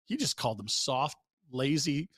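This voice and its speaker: A man's voice: mid-range voice, lively intonation, normal speed, fairly bright tone, slightly rough, no echo. A man hosting a casual hockey talk show from a studio, brash and joking, swearing freely and laughing often. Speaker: sports radio host. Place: broadcast studio.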